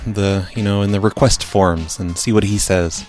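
A man hosting a podcast in loose, casual banter. His voice sits fairly low, and his delivery stays dry and sarcastic, with faint music underneath. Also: fairly even intonation, moderate pace, darkish tone. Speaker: podcast host.

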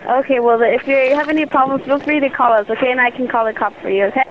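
Young woman, fast food worker, polite, reassuring, high voice, dull phone line. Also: slight background noise. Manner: polite, repeated reassuring "okay"s.

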